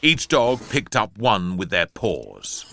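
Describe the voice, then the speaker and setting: A man reading a children's storybook aloud, lively and playful, punching out sound-effect words. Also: on the low side, takes it slowly, vocal fry.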